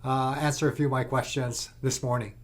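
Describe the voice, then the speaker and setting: A man's voice: medium pitch, flat delivery, brisk. Polite male interview host. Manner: polite, formal, brief prompts. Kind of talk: hosted interview.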